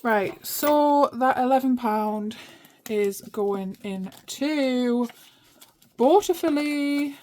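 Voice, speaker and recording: A woman's voice: fairly high pitch, drawn-out words, darkish tone. A woman chatting casually to herself as she sorts cash at her home desk. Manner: chatty, talks to herself while sorting money. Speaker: budgeting vlogger. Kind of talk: casual chat while cash stuffing.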